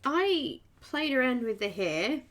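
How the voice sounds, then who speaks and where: A woman hosting a live coloring stream, slightly croaky, chatty and greeting viewers by name with frequent laughs. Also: high-pitched, very animated, slow, fairly bright tone. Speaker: art channel host.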